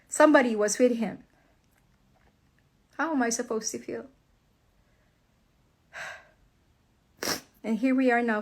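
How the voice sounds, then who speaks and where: A woman, very angry, giving a heated, profane rant to viewers about her husband. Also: fairly high pitch. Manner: heated, profane, emphatic, addresses viewers as guys. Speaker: wife speaking out online. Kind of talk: angry personal rant to camera.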